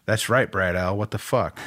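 A man's voice: lowish voice, no echo. A man co-hosting a podcast in casual chat, reading out listener lists with loose laughter and free swearing. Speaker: podcast co-host.

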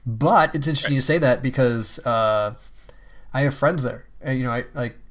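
A man in casual conversation who laughs often and lets swear words slip freely. His voice sits at an everyday pitch. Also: moderate pace, a bit bright. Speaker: parent. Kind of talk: casual chat.

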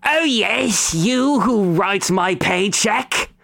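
A man voicing a hunchbacked goblin lackey who grovels in a shrill, fawning voice. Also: animated, extremely slow, gravelly, bright, forceful tone, dry recording, clean studio sound, full character voice.

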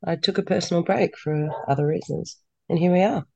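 A woman, a podcast guest telling stories in a lively way and acting out dialogue. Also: lowish voice, fairly quick, vocal fry, no echo. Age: 30s. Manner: lively storyteller who acts out quoted dialogue. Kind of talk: casual interview chat.

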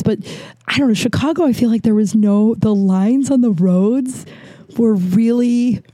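A woman's voice: a little high, dark tone, no echo. A woman hosting a podcast, telling a rambling story in a casual chat with lots of restarts and fillers. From Los Angeles. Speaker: podcast host.

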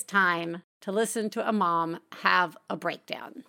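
Woman podcast host, low gravelly voice, slow and reassuring. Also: steady tone, pushed and bright, soft background music. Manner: slow and reassuring, with long pauses. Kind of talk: supportive podcast talk.

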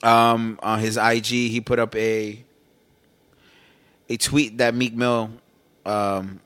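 A man's voice: on the low side, level tone, slow, a bit bright, clear, resonant tone. A young man, co-hosting a casual podcast chat in laid-back slang, laughing often. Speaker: podcast co-host.

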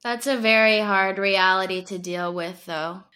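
A woman's voice: mid-range voice, unhurried, sharp tone. A woman in her twenties co-hosting a podcast, talking in a chatty, casual way with frequent "like" fillers and self-conscious asides. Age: 20s. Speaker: podcast co-host. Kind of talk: casual chat.

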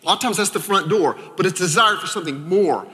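A man from Arkansas preaches a sermon in a church sanctuary, his voice bright and a little high. He talks conversationally, tossing in quick asides and then dropping suddenly quiet. Long reverb from the hall trails every phrase. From Arkansas, American South. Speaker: pastor.

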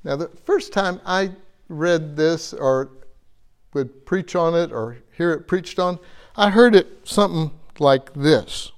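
A man's voice: a little high, slow, smooth. A man preaching a conversational sermon, earnest, asking his listeners questions and repeating phrases for emphasis.

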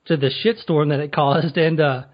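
Male podcast host, rambling casual delivery, slightly high voice. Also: steady tone, normal speed, dull audio. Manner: rambling, full of fillers. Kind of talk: casual interview.

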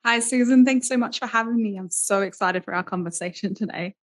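A woman's voice: mid-range voice, brisk. A woman from Australia's east coast with an Australian accent, a podcast guest who talks in a dry, chatty way with frequent laughs. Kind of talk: casual interview chat. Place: Scotland, remote call.

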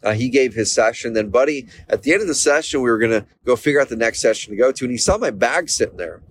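Lively American man telling a story. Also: medium pitch, fast talker, a little hiss or hum. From Oregon, USA. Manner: energetic, animated quoting of others, frequent restarts. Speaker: business coach. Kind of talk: storytelling lesson.

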